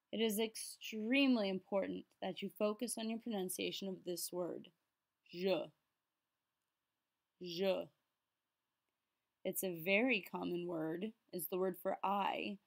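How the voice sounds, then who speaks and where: A woman's voice: mid-range voice, gravelly. Upbeat woman teaching French. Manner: patient, slows down to enunciate French words. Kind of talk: classroom lesson explanation.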